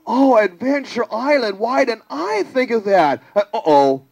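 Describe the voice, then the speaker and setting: A puppeteer voicing a zookeeper at a live children's puppet show, animated and calling on the kids to join in. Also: medium pitch, unhurried, gravelly, few pauses, background noise. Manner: animated, calls on the audience to join in. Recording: live show with audience and music.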